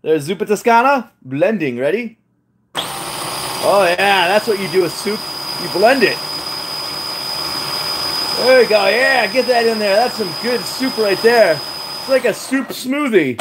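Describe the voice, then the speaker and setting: High-voiced, chatty kitchen host. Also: male voice, expressive, measured pace, pauses often, heavy background noise. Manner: chatty, joking, self-deprecating. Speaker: cooking challenge host. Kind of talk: casual live-stream chat. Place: home kitchen.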